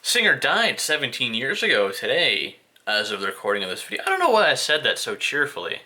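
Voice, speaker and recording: A man's voice: medium pitch, wildly swooping pitch, moderate pace, sharp tone. A man from the United States casually talking through his CD collection on camera, rambling and joking at himself with the odd put-on voice. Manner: rambling, self-mocking, with playful put-on voices. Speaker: vlogger showing his CD collection. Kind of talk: casual video commentary.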